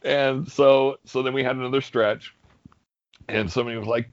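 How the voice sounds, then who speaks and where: Man, young adult, casual storyteller, animated, laughing, dry, slightly muffled. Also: medium pitch, fairly quick, no room sound. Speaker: guest storyteller. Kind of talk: casual anecdote.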